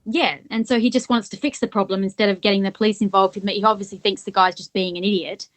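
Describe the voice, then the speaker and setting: A woman's voice: medium pitch, fairly even intonation, fast, fairly bright tone. A woman co-hosting a podcast, retelling a case at length in casual chat and thinking aloud as she goes. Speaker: podcast co-host. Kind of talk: casual true-crime chat.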